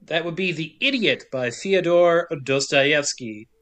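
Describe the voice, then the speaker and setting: High-voiced man joking through a recap. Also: expressive, a bit bright. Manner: jokey, does quick silly voices for characters, laughs often. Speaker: podcast co-host. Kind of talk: casual comedic recap chat.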